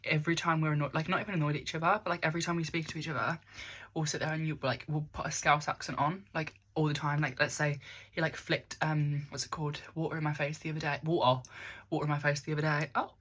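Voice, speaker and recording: Bright-voiced chatty young woman. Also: deep voice, steady tone, quick pace, breathy edge. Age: young adult. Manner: rambling, chatty, self-mocking. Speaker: makeup vlogger. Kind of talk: casual makeup tutorial chat. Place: bedroom.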